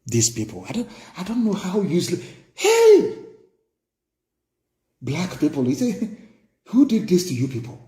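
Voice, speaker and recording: With a Nigerian accent, this man from the country's southeast broadcasts live on politics to his followers, full of scorn and passion and repeating phrases to drive them in. His high voice swings widely in pitch and moves fairly quickly, dark in tone, echoing in the room.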